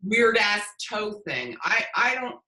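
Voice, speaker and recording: Effusive woman psychic, bright echoey voice. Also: medium pitch, sing-song, takes it slowly. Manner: effusive, emotional, storytelling. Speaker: psychic medium guest. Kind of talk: casual chat. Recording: echoey room.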